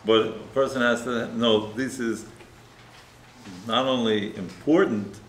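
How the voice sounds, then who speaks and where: A male rabbi delivers a sermon in a relaxed, conversational storytelling manner, checking in with listeners through frequent tag questions. His voice sits at a middle pitch. The room echoes noticeably, and faint noise sits underneath. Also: measured pace. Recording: roomy echo, faint noise.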